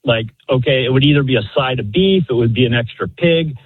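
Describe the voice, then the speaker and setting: A man's voice: mid-range voice, a little fast, husky, no room sound. A man calling in to a talk radio show, telling a family story in a rambling, earnest way with many fillers. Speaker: caller. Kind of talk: phone-in storytelling. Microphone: telephone. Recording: tinny phone line.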